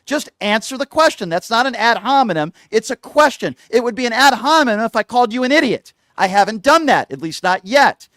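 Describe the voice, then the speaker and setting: A man's voice: extremely high pitch, very animated, brisk, few pauses, fairly bright tone, no echo. A middle-aged man hosting a radio call-in show, combative and insulting, hammering the caller with the same question. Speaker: radio talk show host. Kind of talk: heated call-in argument.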